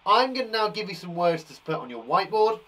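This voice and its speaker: A man from England leading a live phonics lesson for young children, sounding out words slowly with a blocked nose and an encouraging manner. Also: high voice, sing-song, fairly bright tone. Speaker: primary school teacher.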